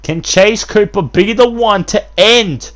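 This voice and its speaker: Male wrestling commentator, a bit high-pitched; filler-heavy, rambling calls with bursts of excitement. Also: slow. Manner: rambling, constant fillers and restarts, bursts of hype. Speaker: host and play-by-play commentator.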